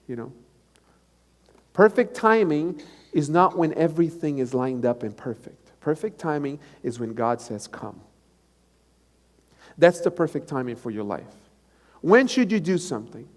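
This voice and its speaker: A male pastor preaching a live sermon, moving between loud emphatic bursts and quiet, low passages and repeating key phrases for emphasis. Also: big pitch swings, moderate pace. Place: church sanctuary. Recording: live church recording with long reverb and music behind.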